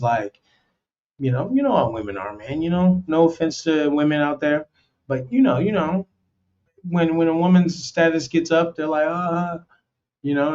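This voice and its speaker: A man's voice: a little high, darkish tone. An American man hosting a casual advice monologue, talking loosely and bluntly with lots of "man" and "you know". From United States. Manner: acts out quoted voices, slangy and blunt. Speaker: host. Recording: dull lo-fi sound.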